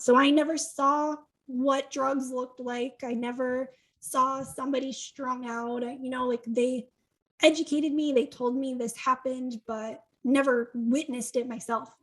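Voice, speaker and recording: High-voiced chatty woman telling stories. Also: low-quality recording. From Connecticut, USA. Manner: chatty, animated, acts out quoted dialogue; frequent "like" and quick laughs. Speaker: podcast guest. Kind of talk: casual storytelling in conversation.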